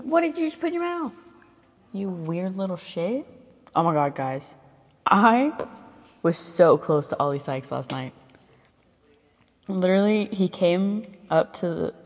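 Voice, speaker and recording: A woman's voice: sits low, long reverb tail. A woman in her twenties chatting casually into a close ASMR mic, rambling with lots of fillers and swearing, sometimes dropping to a whisper. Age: 20s. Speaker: ASMR creator.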